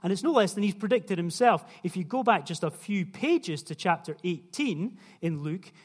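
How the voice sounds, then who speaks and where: Man, young adult, sermon, conversational, asks the congregation questions, high voice, long hall reverb. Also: animated, normal speed. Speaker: preacher.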